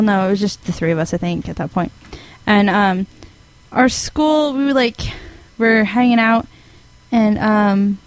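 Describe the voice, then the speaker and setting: A teenage girl casually telling a long dream story, giggling and rambling, with high, lively quoted voices. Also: no echo, rough recording.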